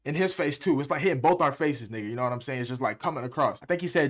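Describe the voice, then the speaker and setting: A young man, a music producer and streamer, telling a story in a fast, heated, slang-heavy way. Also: mid-range voice, expressive, fairly bright tone. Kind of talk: casual storytime.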